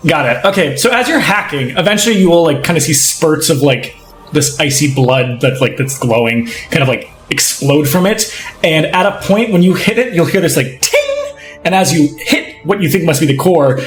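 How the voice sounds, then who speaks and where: A man's voice: a little high, lively intonation, normal speed, echoey room, faint music behind. A man running a tabletop game as game master, narrating in a rambling way full of fillers and laughs.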